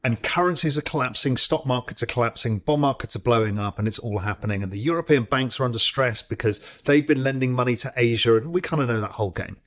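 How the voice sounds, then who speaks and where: Animated man telling a story. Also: mid-range voice. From United Kingdom. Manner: animated storyteller, quick bursts and stretched-out emphasis. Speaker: interview guest, former trader. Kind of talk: storytelling in a long-form interview.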